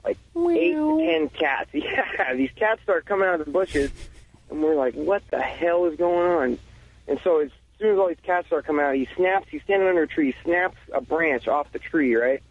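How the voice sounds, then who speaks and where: A man's voice: a little high, very animated, normal speed, slightly rough, no echo. A man calling in to a radio show, rambling through a childhood story with lots of "uh" and "like", chuckling as he goes. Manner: rambling, filler-heavy, chuckles often. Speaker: caller. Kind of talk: casual storytelling on a phone-in. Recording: muffled lo-fi radio sound.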